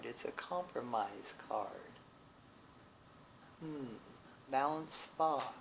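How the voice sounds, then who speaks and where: Tarot reader, unhurried and ponderous, thinking aloud, prone to awed little exclamations. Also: medium pitch, creaky, a little hiss or hum, low-quality recording. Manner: musing, with frequent exclamations of wonder; thinks aloud with restarts and pauses. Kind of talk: tarot card reading.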